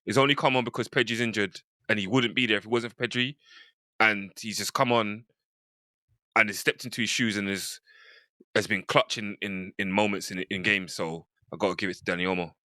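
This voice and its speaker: A man's voice: on the low side, fairly even intonation, a little fast, sharp tone, dry recording, clean studio sound. A man on a football podcast panel, enthusiastic and rambling as he talks through a match. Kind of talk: casual football chat.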